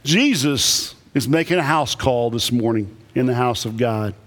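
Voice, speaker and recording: Animated preacher in a ringing hall. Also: male voice, mid-range voice, measured pace. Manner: animated preaching with emphatic rises and repetitions. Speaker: Baptist pastor. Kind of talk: sermon. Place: church sanctuary. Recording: echoey church hall.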